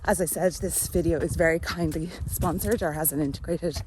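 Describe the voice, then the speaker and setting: A woman chatting casually to camera in a vlog, rambling with fillers, at times out of breath while walking fast. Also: lowish voice, darkish tone, a little hiss or hum. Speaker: vlogger.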